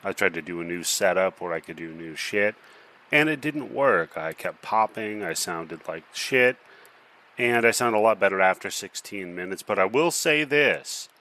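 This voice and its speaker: A man's voice: sits low, expressive, moderate pace, bright, forceful tone. A man hosting a casual horror podcast, loose and jokey, swearing freely. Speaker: podcast host.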